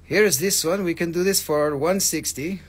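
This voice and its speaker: A man's voice: on the high side, moderate pace, husky. A middle-aged man hosting a live rock and mineral sale, chatting casually in a profane, rambling way. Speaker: host selling rocks and minerals on a livestream. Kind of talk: casual live sales chat. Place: family-owned rock and mineral shop.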